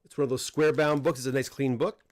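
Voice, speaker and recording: A middle-aged Canadian man hosting a casual livestream unboxing, talking in a relaxed, rambling way with frequent restarts and fillers. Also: mid-range voice, quick pace. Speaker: comic book dealer and host. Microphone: desk microphone close up.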